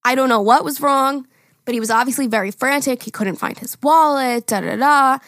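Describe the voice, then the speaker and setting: Lively young woman telling a story. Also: high voice, normal speed, no room sound. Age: young adult. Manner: animated, acts out quotes, laughs often. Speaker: podcast co-host. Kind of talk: casual storytelling chat.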